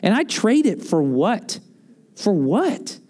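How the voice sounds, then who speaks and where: Male pastor, higher register, conversational sermon delivery with plenty of asides. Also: takes it slowly. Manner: conversational, animated storytelling with asides.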